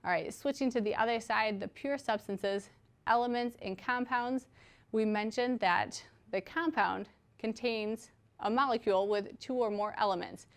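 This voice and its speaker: A woman's voice: fairly high pitch, moderate pace. A woman teaching a recorded chemistry lecture, explaining patiently with everyday examples and checking in with "okay?" as she goes. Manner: conversational, frequent "okay?" check-ins.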